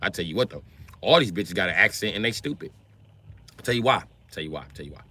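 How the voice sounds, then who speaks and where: An American man ranting on a casual livestream in African American Vernacular English, profane and brash, jumping between loud outbursts and low mutters. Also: lively intonation, fast talker. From United States. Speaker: livestream host.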